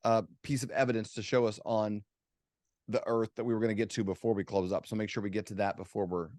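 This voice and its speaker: A man's voice: on the low side, flat delivery, fast talker, darkish tone, dry recording, clean studio sound. A man hosting a casual talk show, speaking in a rambling conversational way. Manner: conversational, rambling with fillers and restarts. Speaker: host.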